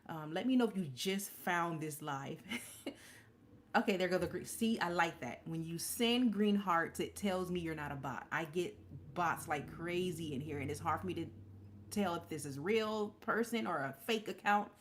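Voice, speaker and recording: A woman's voice: fairly low pitch, normal speed, slight background noise. A woman in her forties hosting a casual live stream, talking candidly and rambling with restarts and fillers. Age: 40s. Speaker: livestream host.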